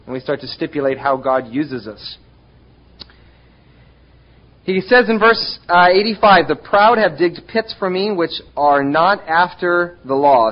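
A pastor with a voice on the high side preaches a sermon, speaking directly to his congregation with rhetorical questions and sudden bursts of emphasis. His delivery is animated, though the audio sounds dull.

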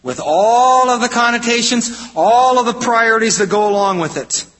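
A man preaching a sermon from the United States, in an emphatic style that swings between loud exclamations and low, intense statements. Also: normal speed. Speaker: pastor. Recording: hall reverb.

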